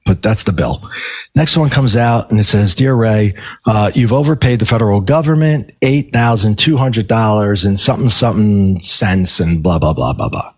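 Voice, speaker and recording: A man's voice: fairly low pitch, normal speed, no room sound. A middle-aged man, a life coach and podcast guest, telling a personal story emphatically and acting out his own quoted words. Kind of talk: storytelling in a casual interview.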